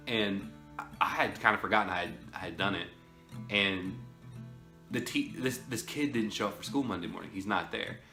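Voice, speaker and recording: A man's voice: on the low side, pushed and bright. A man telling a story in a casual, rambling way, often chuckling. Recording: roomy echo, faint music.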